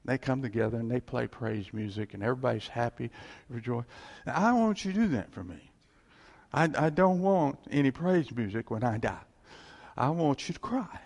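Gravelly-voiced male preacher, very animated. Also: medium pitch, normal speed, pauses often, in a large hall. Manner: lively storytelling, acting out the voices in the stories. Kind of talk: sermon.

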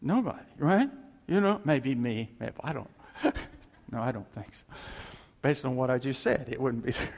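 A man preaching a sermon in an animated way, swinging from loud emphasis to hushed asides and laughing at his own jokes. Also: mid-range voice, a little slow, creaky, long pauses. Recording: long hall reverb.

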